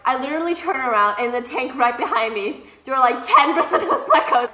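A young woman chats through a storytime vlog in a sassy, animated way, slipping into voices for the people she talks about. Her voice is bright and sits a little high. The sound is roomy with a faint music bed. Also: brisk. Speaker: vlogger. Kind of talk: casual storytime chat. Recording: echoey room, faint background music.

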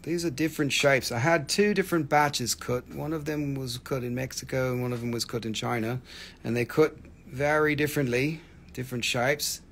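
A man's voice: medium pitch, moderate pace, a little hiss or hum. A man hosting a live rock and mineral sale, chatting casually and easily as he shows stones. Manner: relaxed, chatty, easygoing. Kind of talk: casual live-stream selling.

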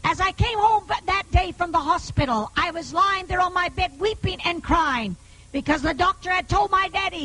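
A woman preaching her healing testimony to a live audience, emphatic and often rising to a shout. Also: very high-pitched, moderate pace, soft background music, poor audio. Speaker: evangelist giving her testimony.

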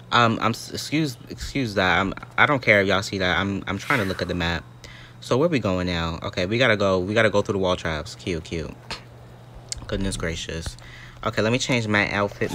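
A man's voice: on the low side, unhurried, long pauses, pushed and bright, faint music behind. A young man giving dramatic, easily startled commentary on a mobile game as he plays. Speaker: gaming YouTuber.

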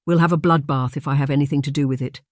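A man's voice: a little high, fairly even intonation, racing, dry recording, natural voice. A bad-tempered laird barks and rages in a harsh voice, as a male audiobook narrator puts him on. The read is close and dry, with no room around it. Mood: angry. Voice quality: harsh, raging. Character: blustering Scottish laird, middle-aged man, bad-tempered.

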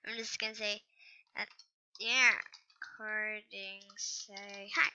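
A woman's voice: mid-range voice, fairly even intonation, slow, sharp tone, a little hiss or hum. A woman giving casual gameplay commentary. She rambles hesitantly and adds apologetic asides, recorded on a muffled lo-fi computer mic. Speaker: gaming channel host.

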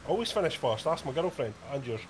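A man's voice: fairly high pitch, sing-song, quick pace, very noisy. A man with a Scottish accent trading crude, teasing banter while playing an online racing game with friends. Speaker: gamer. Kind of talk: casual gaming chat.

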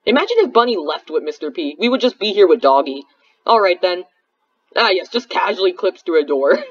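A man's voice: high voice, sing-song, brisk, fairly bright tone, slightly rough, far from the mic. A man doing game commentary as a YouTuber, reading dialogue aloud with joking, chatty reactions. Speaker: gaming YouTuber. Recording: dull lo-fi mic.

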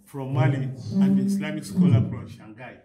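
A man's voice: on the high side, moderate pace, crowd noise. Man guiding a museum tour. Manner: broken English, repeatedly checks "you understand?". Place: indoor museum galleries.

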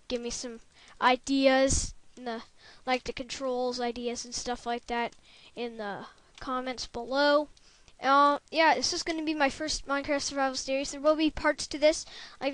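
A woman's voice: high voice, fairly bright tone. A female gamer chatting casually through her gameplay at a home computer, rambling and correcting herself as she goes, into a desktop microphone. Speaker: gameplay video maker.

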